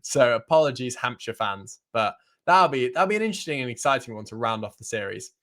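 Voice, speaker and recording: A man's voice: mid-range voice, expressive, fairly quick, fairly bright tone. Chatty man guesting on a cricket podcast. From half English, half South African. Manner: chatty, laughs often, self-correcting. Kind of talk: casual cricket chat.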